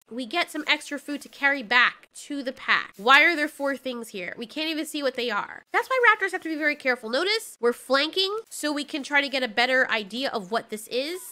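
A woman giving excitable let's play commentary, reacting loudly and swearing when startled. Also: high-pitched. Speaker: gaming channel host.

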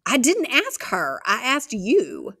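A woman voicing a feisty young tomboy girl in a storybook reading, indignant and quick to shout. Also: fairly high pitch, lively intonation, pitched above the performer's own voice.

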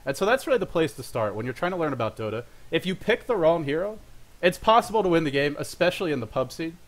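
Fast-talking young man hosting his show. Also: on the high side, sing-song. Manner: rambling, self-deprecating, with frequent fillers and laughs. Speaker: show host. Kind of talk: casual monologue.

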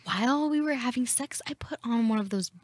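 A woman's voice: fairly high pitch, brisk. A woman playing blunt, matter-of-fact characters in comedy sketches. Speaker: sketch performer.

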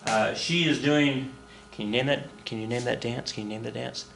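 In this recorded classroom lecture on history, a breathless man jokes around, acts out voices and counts dance steps as he teaches. His mid-range voice is creaky and moderately paced, with a roomy sound and slight hiss or hum.

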